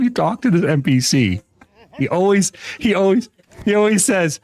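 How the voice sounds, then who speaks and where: A man talks to his livestream audience in a casual, rambling way, laughing and cursing as he tells a story. His voice sits a little higher than most men's and swoops up and down a lot. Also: moderate pace. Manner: animated, laughing storyteller who swears freely. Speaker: streamer.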